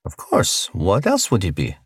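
A man's voice: deep voice, huge pitch swings, measured pace, slightly rough, no echo, clean studio sound, full character voice. A man voicing a large, earnest blue alien cellmate who talks in broken, simple grammar.

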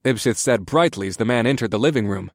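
A man's voice: medium pitch, fast talker, dry recording, studio quality. A man narrating a first-person story in a wry, matter-of-fact way.

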